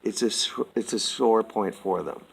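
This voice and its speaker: A man from Canada reading a prepared statement aloud, slow, formal and earnest, addressing the listener as sir. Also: fairly low pitch, gravelly, slight background noise, rough recording.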